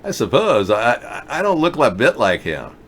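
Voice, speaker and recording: A man's voice: medium pitch, huge pitch swings, moderate pace, slightly rough. Rambling joking middle-aged male host. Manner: joking, rambling, sarcastic asides. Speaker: talk show host reading viewer chat. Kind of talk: rambling live video chat commentary.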